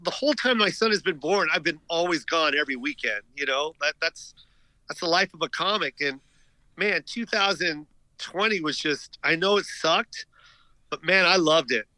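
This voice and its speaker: In a relaxed chat, a middle-aged comedian guest recounts stories at a moderate pace, his voice a little high and his speech loaded with filler words. He tells them with animation. The recording is dry and rough.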